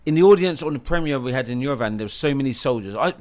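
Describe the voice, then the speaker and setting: A man's voice: medium pitch, lively intonation, very fast, a crowd in the background. A man, a documentary director, telling stories on a podcast in an emphatic way, swearing and restarting sentences. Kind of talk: animated podcast storytelling.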